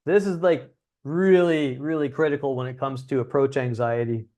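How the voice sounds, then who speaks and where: His voice is medium in pitch, steady and dark, delivered at a moderate pace. The young man hosts a livestream as a dating coach, giving casual, blunt talk full of swearing.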